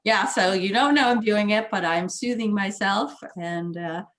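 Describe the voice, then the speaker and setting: A woman therapist, a guest on the show, who explains things in a gentle, soothing, casual way and laughs easily. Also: mid-range voice, measured pace, slight background noise. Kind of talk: casual conversation.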